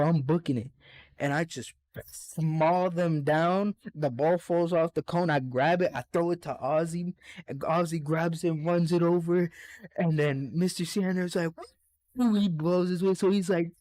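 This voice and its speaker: A man's voice: fairly high pitch, a little mellow, dry recording. A young man on a casual podcast, telling a rowdy, profane story full of acted-out quotes. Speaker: podcast co-host.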